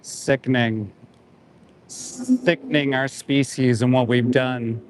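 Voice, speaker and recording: Broadcasting live outdoors near a road, a Canadian animal rights activist in his 40s delivers commentary in a mid-range, steady voice at a slow pace. His tone is somber and indignant, he repeats short phrases, and a slight hiss or hum sits in the audio.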